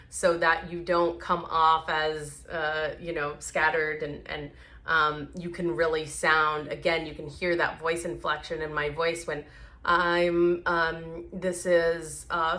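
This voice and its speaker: A woman's voice: lowish voice, pushed and bright. A woman hosting a leadership advice show, talking casually and upbeat with frequent fillers.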